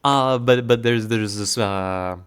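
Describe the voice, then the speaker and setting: A male streamer talking in casual live-stream chat, rambling excitedly and swearing now and then. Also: medium pitch, takes it slowly, clean tone.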